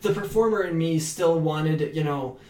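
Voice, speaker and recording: A man's voice: fairly high pitch, moderate pace, dark tone, recorded from a distance, a little hiss or hum. A young man, a guest actor, rambling casually with many restarts and "like"s. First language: French. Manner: rambling, stammering restarts, frequent "like". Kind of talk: casual interview chat. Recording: roomy echo.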